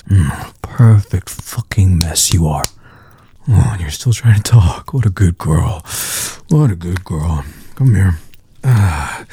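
A man's voice: sits low, warm tone, husky, no room sound. A man in an intimate audio role-play, talking in a dominant, commanding way with heavy breathing.

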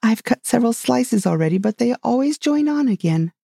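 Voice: medium pitch, lively intonation, brisk, gravelly, mellow, husky, dry recording, clean studio sound, voice pushed up. A narrator voicing a polite, curious little girl in a storybook reading, speaking earnestly. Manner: obedient, earnest.

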